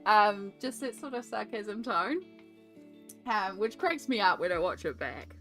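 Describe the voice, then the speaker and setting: A woman's voice: mid-range voice, animated, unhurried, pushed and bright, faint music behind. A woman in her thirties with an Australian accent, chatting and laughing while colouring on a stream. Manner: chatty, laughing, mimics sarcastic adult tones. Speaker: art streamer. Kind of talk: casual chat while colouring.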